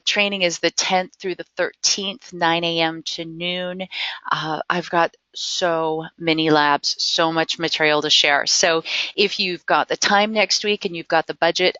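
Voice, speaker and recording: A woman walks through a live software demo in a chatty, enthusiastic way, restarting sentences and joking at her own expense. Her voice sits on the low side. The audio is dry and a little dull, like a headset on a web call. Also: no room sound. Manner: chatty, enthusiastic, self-deprecating, frequent ums and restarts. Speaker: webinar trainer.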